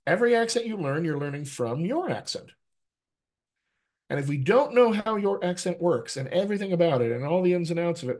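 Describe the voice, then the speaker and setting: Lively American man coaching actors. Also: fairly high pitch. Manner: lively, teacherly, keeps asking "right?". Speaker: dialect coach. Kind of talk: live online coaching talk.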